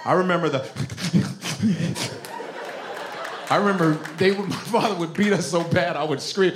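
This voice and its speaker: A man doing stand-up crowd work at a comedy club, loud and profane, laughing as he talks. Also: high voice, slow pace, noisy background. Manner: loud, profane, laughing, acts out parents' voices.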